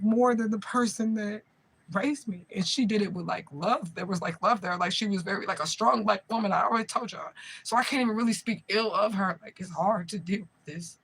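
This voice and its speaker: A woman's voice: mid-range voice, moderate pace, fairly bright tone, husky, rough recording. A woman around forty, a spiritual medium, talking straight to camera in a raw, profane, rambling way, often asking listeners if they follow her. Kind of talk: emotional direct-to-camera vlog.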